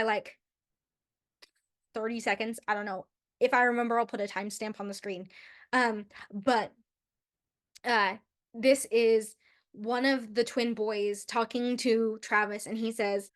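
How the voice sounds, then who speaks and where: Young woman, higher-pitched voice, casual gushing book-vlog host, loose and chatty. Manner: chatty, gushing, restarts sentences often. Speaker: book vlogger. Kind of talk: casual book review chat.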